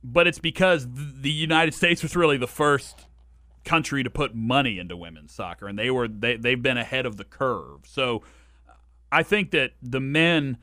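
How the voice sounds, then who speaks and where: A man's voice: mid-range voice, pushed and bright, dry recording, clean studio sound. A man co-hosting a casual sports podcast, talking at length with frequent restarts and firm opinions. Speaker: co-host.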